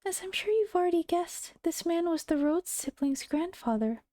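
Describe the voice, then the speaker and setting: A woman voicing a timid, polite young maid servant who narrates a visual novel, speaking softly and hesitantly. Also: extremely high pitch, lively intonation, normal speed, no echo, clean studio sound, faint music behind, pitched above the performer's own voice. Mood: narrating. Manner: soft, hesitant, stammering.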